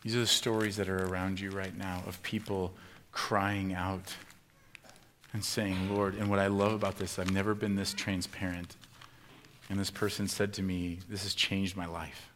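A man preaching a sermon as a pastor, measured at first and building to impassioned pleading. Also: low-pitched, flat delivery, fairly bright tone, slight background noise.

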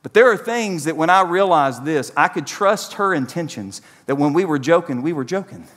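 A man's voice: fairly high pitch, animated, moderate pace, fairly bright tone, in a large hall. A man, preaching a sermon and speaking directly to his congregation. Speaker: pastor.

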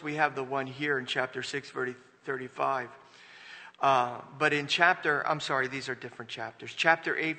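A man's voice: medium pitch, gravelly, sharp tone. Preacher man in an echoing hall. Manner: preaching with rising bursts of emphasis and repeated restarts. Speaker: pastor. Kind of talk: sermon. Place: church sanctuary. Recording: long reverb of a church hall.

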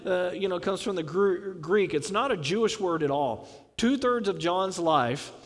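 A man preaching a sermon in a conversational, animated way, often asking rhetorical questions and adding filler phrases. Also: high-pitched, long reverb tail.

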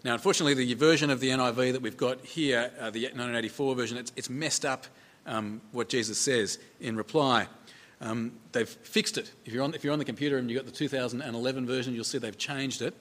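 A man's voice: medium pitch, fairly even intonation, fast talker, a bit bright. A man preaching a sermon in a conversational way, repeating phrases for emphasis and asking rhetorical questions.

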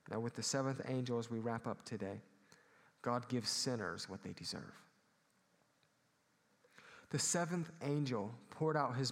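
Midwestern man preaching in a reverberant hall. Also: medium pitch. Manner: earnest preaching, calls for amens. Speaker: pastor. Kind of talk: sermon.

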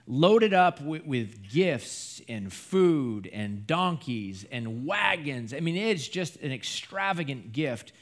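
A man preaching a sermon, retelling a scripture story in a lively storytelling way. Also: medium pitch, takes it slowly, hardly any pauses. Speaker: pastor.

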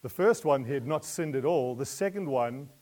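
Expressive male preacher giving a sermon. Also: mid-range voice, moderate pace. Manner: expressive, rising to loud emotional pleas and dropping to quiet asides; asks the listeners questions and laughs lightly between points.

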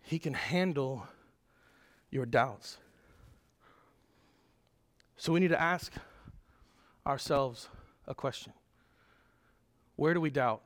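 A man's voice: medium pitch, takes it slowly, pauses often. A man preaching a sermon as a pastor, earnest and emphatic, with small restarts as he talks.

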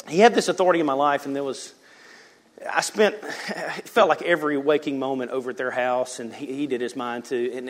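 A male pastor preaches conversationally, telling a personal story punctuated by joking asides and quick restarts. His voice is a little high and a bit bright.

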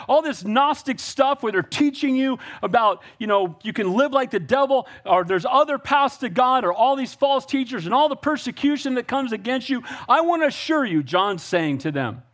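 A man preaching a sermon in a notably high voice, swinging between quiet asides and bright, climbing emphasis. He tells stories, asks pointed questions and calls for amens. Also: lively intonation, moderate pace, few pauses. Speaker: pastor.

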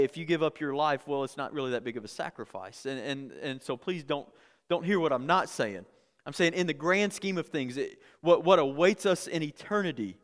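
A man's voice: on the high side, big-room sound. A man preaching a sermon in a conversational way, often repeating words and building to emphatic peaks. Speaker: pastor.

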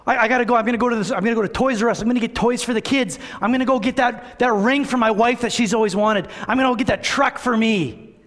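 A man voicing a newly debt-free male servant who excitedly blurts out his spending plans. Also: very high voice, quick pace, pitched above the performer's own voice. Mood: giddy.

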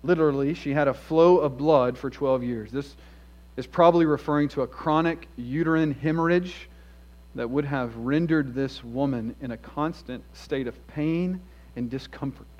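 An earnest male pastor delivers an expository sermon in a church. He tells the story with feeling and drops to a hush for quieter points. His voice sits at a medium pitch, and the recording is a little dull and low-fi. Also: moderate pace. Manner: earnest, storytelling, shifts between emphatic and hushed. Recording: dull lo-fi sound.

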